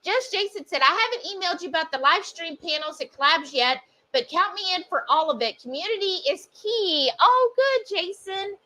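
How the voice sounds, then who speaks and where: A woman co-hosting a home cooking livestream, gushing warmly as she reads out viewer comments. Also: extremely high pitch, expressive, brisk, few pauses. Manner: bubbly, gushing over viewers. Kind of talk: casual chat, reading viewer comments. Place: home kitchen.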